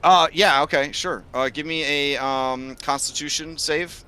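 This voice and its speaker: Male game master, bright and rambling, with plenty of fillers while he narrates. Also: fairly high pitch, fairly even intonation, a little slow, clear, resonant tone. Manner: rambling, full of fillers and restarts.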